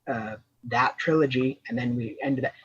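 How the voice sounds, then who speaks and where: A man's voice: mid-range voice, moderate pace, breathy edge, highs cut off. A man co-hosting a casual fan review show, talking in long rambling runs with many restarts. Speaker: co-host.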